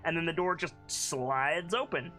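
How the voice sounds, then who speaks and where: A game master narrating a tabletop game with rambling, animated descriptions. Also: mid-range voice, a little slow, faint music behind.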